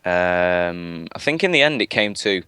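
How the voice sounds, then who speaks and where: A man's voice: sits low, lively intonation, unhurried, sharp tone, clean tone, no echo. A man chatting casually on a gaming live stream, rambling with lots of fillers and restarts. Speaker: guest gamer.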